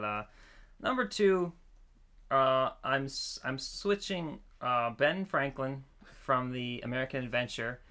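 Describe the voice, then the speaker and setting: Bright-voiced, easygoing male podcaster. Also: medium pitch. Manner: easygoing, laughs often, silly impressions. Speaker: podcast co-host. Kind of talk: casual chat.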